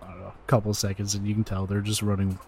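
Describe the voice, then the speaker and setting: Low-voiced male dungeon master. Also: monotone, very fast, gravelly, noisy background. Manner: casual, loose narration with many fillers. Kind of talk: narrating a tabletop game.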